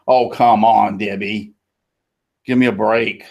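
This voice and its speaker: A man's voice: fairly low pitch, steady tone, measured pace, creaky, darkish tone, dull audio. A man from Florida with a Southern drawl, hosting a casual panel chat in a folksy, chatty way. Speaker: host.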